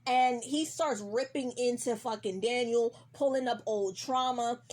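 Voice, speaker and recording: Husky woman doing a heated recap. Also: a little high, measured pace. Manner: animated, acts out characters' lines mid-story. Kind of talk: casual profane show recap.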